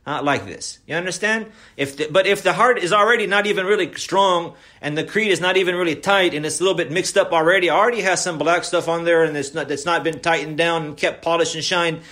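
Animated man preaching with rhetorical questions. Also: on the high side, quick pace, few pauses. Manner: mixes Arabic phrases into English. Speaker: Islamic preacher. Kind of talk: religious lesson.

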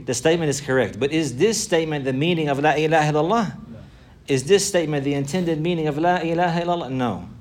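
Male religious teacher, rapid delivery, repeats phrases for emphasis, quick Arabic recitation. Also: a little high. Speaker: Islamic teacher. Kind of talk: religious lesson.

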